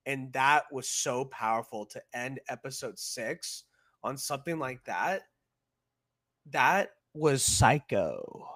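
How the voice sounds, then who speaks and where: A man co-hosting a casual reaction podcast, playful and jokey, full of "like" and quick interjections. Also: medium pitch, lively intonation, a bit bright, dry recording, clean studio sound. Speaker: podcast co-host.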